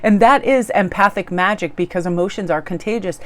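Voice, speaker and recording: A woman's voice: medium pitch, a little fast. A woman tarot reader chatting casually to her viewers in a bubbly, gushing way. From Korean heritage, living in New England.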